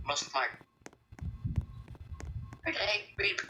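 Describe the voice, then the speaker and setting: A man's voice: high-pitched, lively intonation, very slow, sharp tone. A man chatting playfully while playing an online game, joking and teasing his friends. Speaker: gamer. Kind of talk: casual gameplay chat. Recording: very noisy home mic with clicks.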